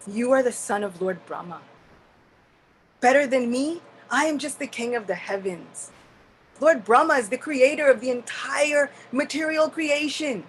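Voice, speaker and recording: A woman's voice: sits high, slight background noise, rough recording. A woman voicing Indra, a proud male king of heaven who confesses his faults with indignant outbursts, in a devotional story.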